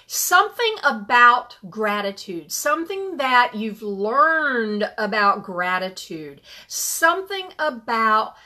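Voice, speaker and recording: A woman's voice: fairly high pitch, very animated, takes it slowly, few pauses, pushed and bright. A middle-aged woman leading a group gratitude session, upbeat and encouraging, repeating affirmations and answering comments. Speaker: group gratitude workshop leader. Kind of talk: live online group session, reading chat comments.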